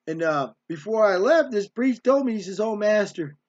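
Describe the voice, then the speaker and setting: A middle-aged man with a fairly high voice spins a rambling, streetwise story in a hotel room. He keeps tossing in "man" and "right". The recording is dull and lo-fi. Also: lively intonation, normal speed. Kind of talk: casual storytelling monologue.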